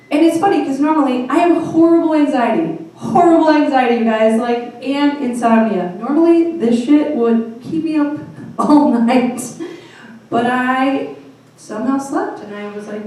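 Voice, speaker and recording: A woman's voice: high voice, normal speed, dark tone. A woman in her thirties with a Midwestern American accent, telling a true story onstage at a storytelling night and laughing wryly at her own bad luck. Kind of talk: live storytelling set. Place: small comedy venue. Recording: echoey room, mic from a distance.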